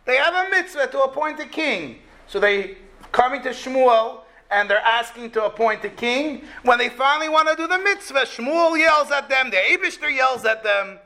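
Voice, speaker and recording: High, bright-voiced man teaching Torah. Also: moderate pace, gravelly. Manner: animated, acts out quotes. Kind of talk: Torah class.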